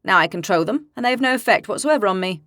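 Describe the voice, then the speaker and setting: A woman voicing a good-natured, steady young male warrior with calm, warm, reassuring speech. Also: medium pitch, fast, no room sound, studio quality, lightly acted.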